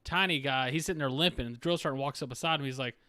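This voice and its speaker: A man hosting a casual podcast, telling his own basic-training story in a relaxed way. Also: medium pitch, very fast, no echo, clean studio sound. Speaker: podcast host. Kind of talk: casual chat over beers.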